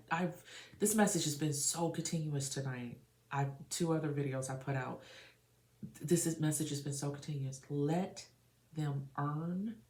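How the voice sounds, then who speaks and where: A woman's voice: low-pitched, creaky, warm tone, reverberant. A woman giving an emotional, earnest tarot reading for her viewers. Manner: emotional, earnest, channeling feelings. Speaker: tarot reader.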